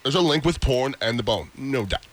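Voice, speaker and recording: A man's voice: mid-range voice, expressive, fairly quick. Joking male radio show host. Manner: loose, joking, rambling banter. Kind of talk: casual radio talk.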